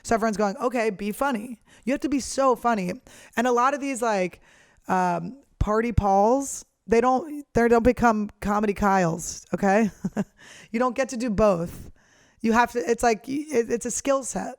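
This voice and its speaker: A woman's voice: fairly high pitch, moderate pace, dry recording, studio quality. Blunt, foul-mouthed woman comedian. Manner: blunt, profane, lively ranting. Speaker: professional comedian, podcast host. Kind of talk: casual monologue.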